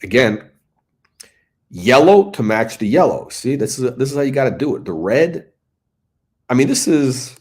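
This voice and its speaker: A man's voice: medium pitch, very animated, normal speed, long pauses, a little mellow. A middle-aged man hosting a watch review, rambling through casual commentary and storytelling as he searches for words.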